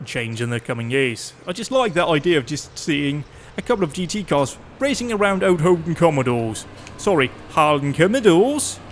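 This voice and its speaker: A man's voice: on the high side, a little hiss or hum. A man chatting casually and jokingly while playing a farming game, swearing freely. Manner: chatty, jokey, swears freely, puts on quick mock voices. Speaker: gameplay streamer.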